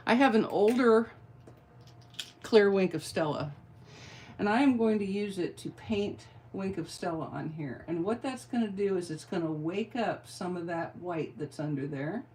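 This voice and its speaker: A woman's voice: mid-range voice, darkish tone, a little hiss or hum. A middle-aged woman giving a card-making tutorial, chatty and playful, with rambling asides. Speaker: craft demonstrator.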